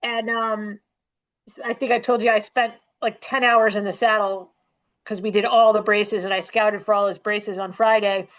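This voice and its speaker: A woman guest on a podcast, telling quick, animated anecdotes in casual conversation. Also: mid-range voice, rough recording. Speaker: guest author and dog trainer. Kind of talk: casual storytelling chat.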